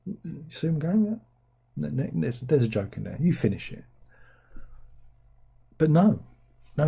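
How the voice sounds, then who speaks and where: A man's voice: mid-range voice, gravelly, warm tone, slightly rough. A man giving a casual film review, blunt and sarcastic, rambling from one aside to the next.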